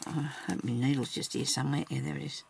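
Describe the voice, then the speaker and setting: A woman talks her way through a slow stitching session, half to herself and half to the camera. Her voice has a heavily gravelly, fried edge, with a faint hiss of background noise behind her. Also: rumbling low, fairly even intonation, darkish tone. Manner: chatty and muttering to herself while stitching. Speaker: crafter narrating her embroidery work. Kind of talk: casual talk-along crafting vlog.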